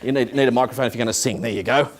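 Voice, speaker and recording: A man's voice: mid-range voice, racing, a crowd in the background. A male ventriloquist with a chatty, laughing manner and dry one-liners, performing on stage. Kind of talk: comic stage act and chat. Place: stage before a studio audience. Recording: noisy stage with audience.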